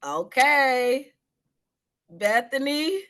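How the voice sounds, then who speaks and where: A woman's voice: high-pitched, lively intonation, extremely slow, a bit bright. A woman leading an online training session over a video call, affirming each participant and calling out encouragement. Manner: effusive, affirming, calls out encouragement. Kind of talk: energetic workshop facilitation.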